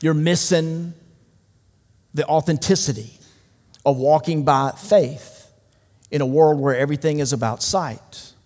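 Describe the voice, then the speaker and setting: A man's voice with a slightly high pitch delivers an emphatic sermon in a large room. He swings from loud declarations to hushed, close asides. Long reverb trails every phrase. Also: unhurried, long pauses. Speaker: pastor.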